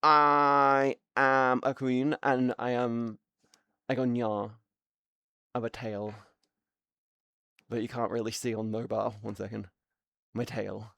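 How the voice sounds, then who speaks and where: A man's voice: mid-range voice, little pitch movement, unhurried, creaky, sharp tone, dry recording. Swearing British man ranting on stream. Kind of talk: casual livestream rant.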